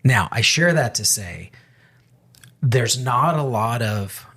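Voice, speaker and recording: A man's voice: medium pitch, expressive, takes it slowly, sharp tone, slightly rough. A man co-hosting a faith podcast, a pastor telling a story in casual conversation, with frequent restarts. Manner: storytelling with many restarts and quoted dialogue.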